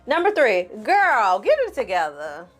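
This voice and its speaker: A woman hosting a casual TV recap, talking straight to her viewers with slang and cursing and quickly acting out the characters' lines. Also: a little high, wildly swooping pitch, fairly bright tone, faint music behind. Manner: acts out the characters' lines in quick put-on voices. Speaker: film and TV recap host.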